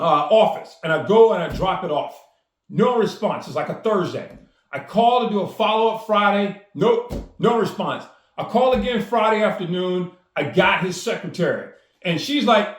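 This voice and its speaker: Animated man telling a story, high lively voice. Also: moderate pace, echoey room. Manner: enthusiastic, acts out quoted dialogue. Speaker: storyteller and speaker.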